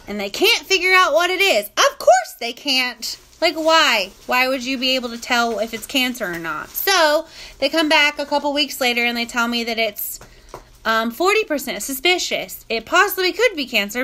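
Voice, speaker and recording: A woman's voice: sits high, sharp tone. A young woman, telling a personal story to camera in a casual, chatty way, full of "like". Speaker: vlogger.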